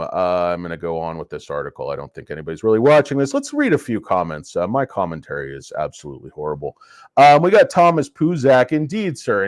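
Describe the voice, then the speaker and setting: A lower-pitched man hosts a loose livestream, chatting with viewers in a rambling, jokey way. He sounds stuffy from a head cold. The sound is dry and close, from a clip-on lapel mic. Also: no echo. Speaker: livestream host. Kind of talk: casual livestream commentary. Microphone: cheap lapel microphone.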